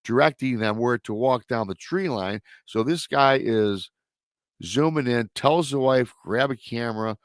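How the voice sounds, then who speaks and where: This live-show host, a man with a medium-pitched voice speaking a little slowly, meanders through a casual anecdote packed with restarts and familiar filler phrases, recorded dry.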